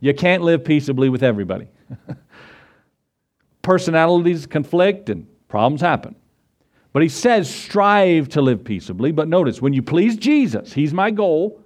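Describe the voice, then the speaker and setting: Male preacher, fairly high voice, sermon delivery, rhetorical questions, slow scripture reading. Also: big pitch swings. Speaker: pastor.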